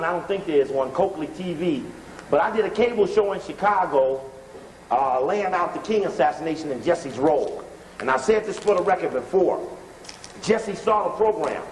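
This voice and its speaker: A man giving emphatic, animated commentary over archival video, repeating points and telling someone to stop and rewind the playback. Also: high-pitched, long reverb tail, slight background noise, low-quality recording. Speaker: lecturer analyzing archival footage.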